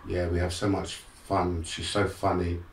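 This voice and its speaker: The voice sits low and keeps a measured pace; the sound is roomy and far from the mic, with slight background noise. It belongs to a middle-aged guest, a motivational speaker frankly narrating his life in streetwise style and animated when re-enacting moments.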